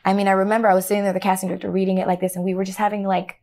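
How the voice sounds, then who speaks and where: Animated woman telling a story. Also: medium pitch, racing. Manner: animated, acts out quoted dialogue, laughs often. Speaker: actor guest. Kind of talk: casual storytelling interview.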